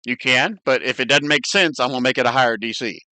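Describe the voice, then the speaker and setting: A man's voice: medium pitch, fast talker, pushed and bright, no room sound. A man acting as game master, running an online tabletop game in a chatty, joking way and thinking aloud as he works the map.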